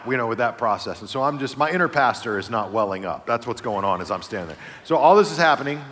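A middle-aged man preaching a sermon as pastor, telling a family story, moving between quiet, low passages and loud, animated stretches. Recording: long reverb of a large hall.

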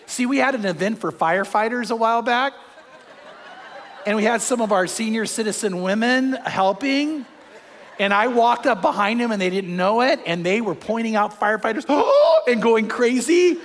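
An older man, a pastor and grandfather, preaching a sermon with animated storytelling and acted-out quotes. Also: high voice, moderate pace. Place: church hall with long reverb. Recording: reverberant hall.

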